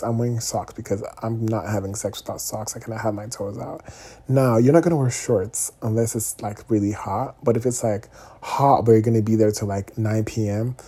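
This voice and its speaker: A young man talking casually to his viewers, candid and animated, often checking in with "okay?" asides. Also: on the low side, vocal fry, slightly rough. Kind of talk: casual vlog monologue.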